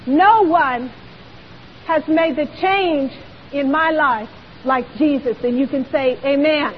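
A woman's voice: high-pitched, slow pace. A woman preacher delivering a sermon in church, emphatic and full of rhetorical questions. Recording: dull lo-fi recording with long hall reverb and faint hiss.

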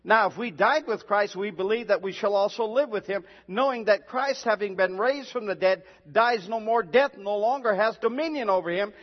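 A pastor preaching a sermon and reading scripture, emphatic and building to shouts, with slow, drawn-out reading of the verses. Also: male voice, high-pitched. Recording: dull lo-fi sound in a reverberant hall.

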